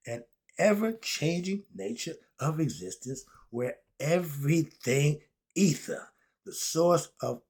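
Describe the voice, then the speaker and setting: A man teaching philosophy in an informal, preachy way, full of rhetorical questions and asides. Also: medium pitch.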